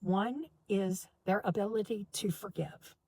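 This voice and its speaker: A woman telling a personal story to her viewers in an animated, emphatic way, with many restarts. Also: medium pitch, unhurried, slightly rough, no room sound. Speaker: spiritual vlogger. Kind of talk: casual storytelling to camera.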